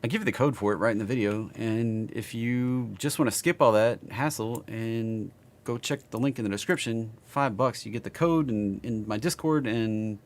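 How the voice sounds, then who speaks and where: A man with a Southern accent, casually reading stock charts on a live stream and chatting with viewers. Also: medium pitch.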